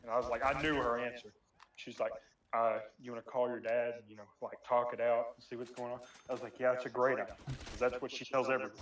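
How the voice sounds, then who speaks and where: A young man telling a rambling story among friends in a casual chat, animated and swearing, often laughing. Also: mid-range voice, fast talker. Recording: echoey room, distant mic.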